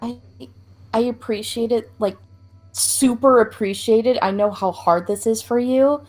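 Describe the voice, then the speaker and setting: A woman voicing an earnest young female adventurer who speaks gently and reassuringly, with a husky voice. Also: on the high side, unhurried.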